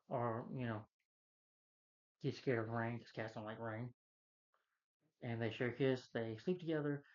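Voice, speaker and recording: A man's voice: mid-range voice, a little mellow. Rambling man recapping a film, lo-fi. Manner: rambling, filler-heavy retelling with many restarts. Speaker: film reviewer. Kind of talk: casual movie recap rant.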